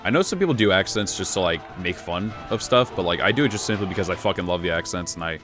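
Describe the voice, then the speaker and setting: A man casually commenting on his gameplay as a streamer, relaxed and rambling, swearing now and then. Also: low voice, fast, music in the background.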